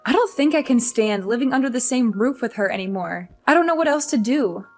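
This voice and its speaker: A woman's voice: on the high side, animated, fairly quick. An actress playing a frustrated young career wife who complains about her mother-in-law, over faint music. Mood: upset. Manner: upset, complaining.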